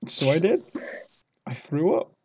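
A man's voice: on the high side, sing-song, a little slow, breathy edge. A young British man casually telling a rambling, self-mocking party story. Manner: rambling, self-mocking, acts out drunk quotes.

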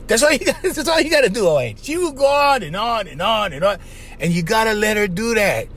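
A man hosting a podcast, giving casual advice in an animated monologue, laughing often and acting out little voices. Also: sits high, fairly quick. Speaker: podcast host.

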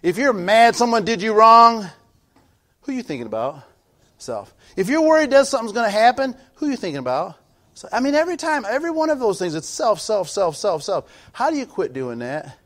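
A middle-aged male pastor preaching a sermon, swinging from loud emphatic build-ups to low quiet asides, with rhythmic repetition and call-outs to the audience. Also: big pitch swings, fairly quick.

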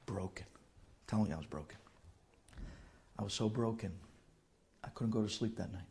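A man telling an emotional personal story in a halting way, dropping to whispers and mixing in Yiddish and Hebrew terms. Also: lowish voice, gravelly, mellow, a little hiss or hum.

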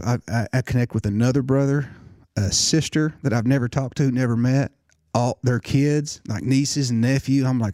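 At a moderate pace and with fairly even intonation, a middle-aged man earnestly relates his story as a nurse practitioner, often beginning his words again. His medium-pitched voice is dark in tone, recorded in a clean studio with no echo.

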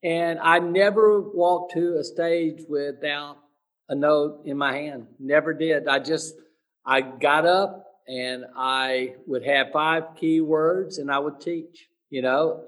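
A man being interviewed, earnest and motivational, halting and searching for words with restarts. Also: a little high, fairly bright tone, recorded from a distance, poor audio. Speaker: interview guest, speaker and teacher. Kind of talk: sit-down interview.

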